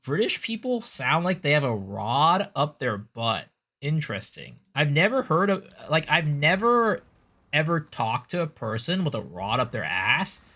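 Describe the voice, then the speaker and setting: A man's voice: a little high, sing-song, measured pace, sharp tone. An American man streaming, chatting casually, rambling through restarts and answering chat. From United States.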